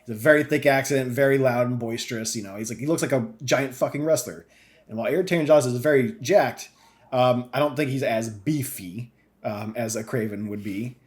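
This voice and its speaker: A man co-hosting a gaming podcast, talking casually, animated and swearing freely, with lots of fillers. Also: medium pitch, fairly quick. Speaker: podcast co-host. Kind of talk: casual chat.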